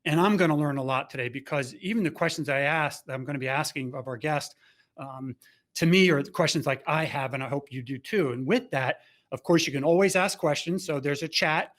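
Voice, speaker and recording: A man hosting a webinar over a video call, talking in a rambling, halting way with many restarts. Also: on the high side, fairly bright tone. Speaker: host.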